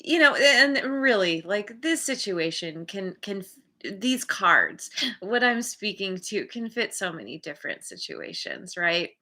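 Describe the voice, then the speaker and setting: A woman giving a relaxed tarot reading to her viewers, talking in a loose, chatty way and laughing often. Her voice is bright and clear, and she slips into lively little voices when she acts out how people react. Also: medium pitch, a little slow. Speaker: tarot reader. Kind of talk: casual spoken tarot reading.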